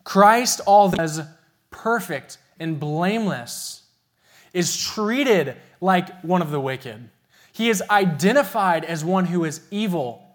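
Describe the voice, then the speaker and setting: High-voiced young male pastor preaching. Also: lively intonation. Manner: storytelling, earnest and emphatic, slows for key phrases. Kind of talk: sermon.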